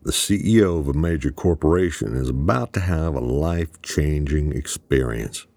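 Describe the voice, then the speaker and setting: A terse male operative giving orders, voiced by a man in an audiobook thriller. The voice is very deep and gravelly, and the delivery is clipped and in command, recorded in a dry, close space. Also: normal speed, a little mellow, no room sound, heavily acted.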